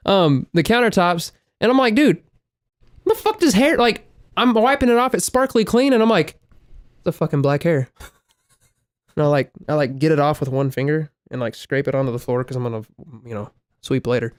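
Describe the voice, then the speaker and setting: A man with a fairly high voice chats casually on a podcast. He tells stories with lots of swearing and breaks into loud, exclaimed quotes. His delivery stays animated and loose. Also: fairly quick, clear, resonant tone, no echo, studio quality. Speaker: podcast co-host. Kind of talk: casual chat, storytelling.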